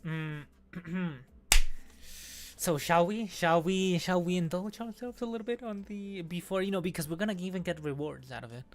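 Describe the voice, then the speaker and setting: A woman streaming a game, chatting excitedly while pulling for rewards, squealing and laughing at good results and muttering when they are bad. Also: lowish voice, moderate pace. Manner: squealing bursts of excitement, then deflated mumbling. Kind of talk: excited gacha-pull stream chat.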